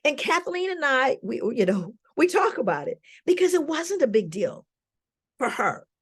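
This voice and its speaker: A woman speaks to a live crowd in a lively, swooping voice that sits a little high. She tells her story with animated storytelling and keeps turning to the audience with questions. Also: moderate pace. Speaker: scholar giving a talk.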